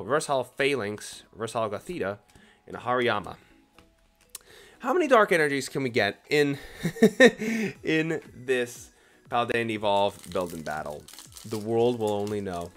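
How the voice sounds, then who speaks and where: A young man hosting a casual card-opening video, chatting excitably and teasing the cards as he flips through them. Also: medium pitch, normal speed. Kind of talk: casual commentary while opening packs.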